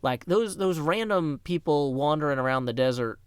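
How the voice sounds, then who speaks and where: A man's voice: fairly high pitch, animated, moderate pace, clean tone, no room sound. Rambling joking male game streamer. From Tennessee, US. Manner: rambling, joking, thanks donors aloud. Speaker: gaming livestreamer. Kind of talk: casual livestream chat while playing.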